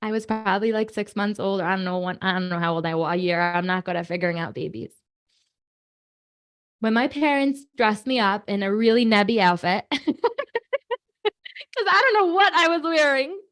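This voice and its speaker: A woman in her thirties, hosting a children's prayer program on a video call, chatty and animated with many fillers and asides. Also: mid-range voice, moderate pace, long pauses. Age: 30s. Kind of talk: lively talk to kids on a video call.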